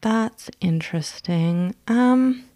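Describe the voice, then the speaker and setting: A woman in her thirties, a stand-up comedian, telling stories in casual chat and acting out quoted voices with big swings in pitch. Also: takes it slowly. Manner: animated storyteller, acts out quotes with big pitch jumps.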